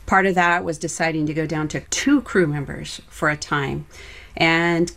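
A woman's voice: low-pitched, steady tone, moderate pace, gravelly, a bit bright. A woman, a former flight director, answering interview questions in an earnest, reflective way.

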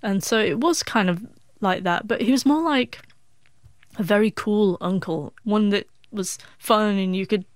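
A woman in her forties with a stutter, telling a personal story as an interview guest in a reflective, halting way. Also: medium pitch, dry recording, studio quality. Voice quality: stuttering with frequent sound repetitions.

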